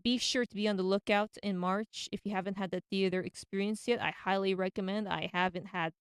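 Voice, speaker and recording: Woman radio host rambling excitedly, smooth clear voice, dry sound. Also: mid-range voice, brisk, dry recording. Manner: enthusiastic and slangy. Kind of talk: casual radio monologue.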